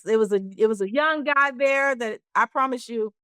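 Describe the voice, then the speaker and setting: A middle-aged actress telling stories as a guest in an interview, acting out the voices of people in them. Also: female voice, on the high side, normal speed, clean tone, dry recording, clean studio sound. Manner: animated, acts out voices in her stories. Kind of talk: storytelling interview.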